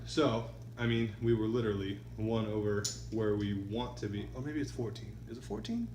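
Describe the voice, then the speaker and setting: A man's voice: lowish voice, fairly even intonation, normal speed, a little mellow, echoey room, slight background noise, rough recording. A man talking casually while throwing dice at home, rambling between throws and counting results aloud. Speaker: craps vlogger. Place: indoors at a home dice-practice setup.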